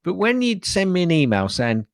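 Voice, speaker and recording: Rambling, animated man co-hosting a podcast. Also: high voice, normal speed, no room sound, studio quality. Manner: rambling, repeats words, laughs often. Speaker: podcast co-host. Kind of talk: casual chat.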